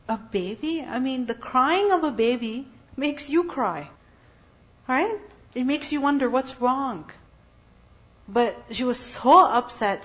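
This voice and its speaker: A woman teaches a religious lesson in a fairly high voice. She keeps asking her listeners questions and then answers them herself. The recording sounds dull and lo-fi. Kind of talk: Islamic lecture.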